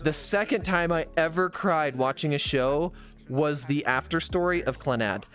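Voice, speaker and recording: Rambling higher-voiced male streamer. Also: moderate pace, a bit bright. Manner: rambling storyteller, keeps asking "right?". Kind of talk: casual chat while gaming.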